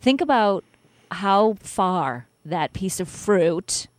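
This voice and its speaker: A woman co-hosting a casual chat, talking in an animated way and explaining things with everyday examples. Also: mid-range voice, slow pace, no echo. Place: lives in Boston.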